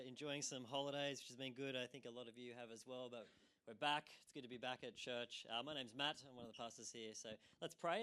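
A church pastor delivers a sermon in an easygoing, conversational way. He is a man with a mid-range voice who drops in small fillers. He brings the quoted speech in his story to life. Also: medium pitch. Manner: storytelling with frequent "uh" fillers and lively quoted asides.

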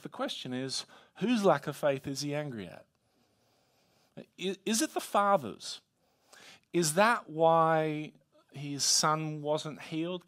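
A man preaching a conversational sermon, teaching a Bible passage with playful asides. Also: on the high side.

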